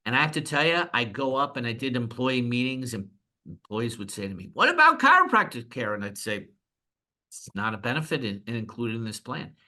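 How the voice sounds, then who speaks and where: Bright-voiced New broker telling stories. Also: male voice, mid-range voice, a little fast. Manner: animated anecdotes, acts out quoted clients. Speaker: insurance broker, guest. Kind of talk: storytelling in a podcast interview.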